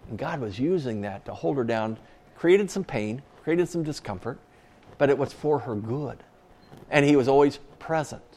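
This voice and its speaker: A man's voice: mid-range voice, expressive, moderate pace, a little mellow. A man preaching a sermon as pastor, earnest and conversational, with casual asides to the congregation.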